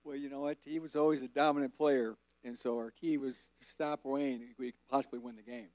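A man in his fifties giving a relaxed, rambling personal testimony as guest speaker at a church service. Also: medium pitch, a little fast, dry recording. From Colorado, USA. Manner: relaxed, folksy, rambling with fillers.

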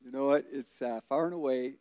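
A man in his fifties giving a relaxed, rambling personal testimony as guest speaker at a church service. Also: mid-range voice, brisk, no echo. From Colorado, USA. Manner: relaxed, folksy, rambling with fillers.

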